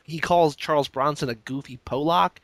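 Animated man recapping a movie. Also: normal speed, no room sound. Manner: animated, lots of "like", rises in pitch when excited. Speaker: podcast host. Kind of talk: casual movie discussion.

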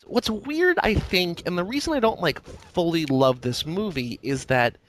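A man's voice: high-pitched, lively intonation, measured pace, slight background noise. A man co-hosting a casual film discussion podcast, talking hesitantly with many fillers and restarts. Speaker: podcast co-host.

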